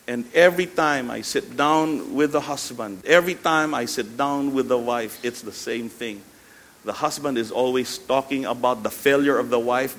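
A man with a Filipino accent preaching a sermon, swinging between loud emphasis and hushed lines and slipping Tagalog phrases into his English. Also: mid-range voice. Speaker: pastor.

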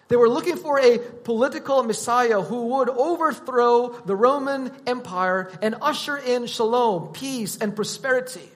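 A man preaching a sermon, teaching in a deliberate, emphatic way. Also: very high voice, big-room sound.

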